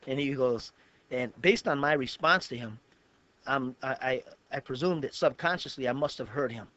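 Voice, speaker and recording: A man's voice: mid-range voice, normal speed. Man, pastor, talk show guest, earnest storyteller, dull lo-fi sound. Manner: earnest, detailed storytelling with frequent restarts. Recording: dull lo-fi web show recording.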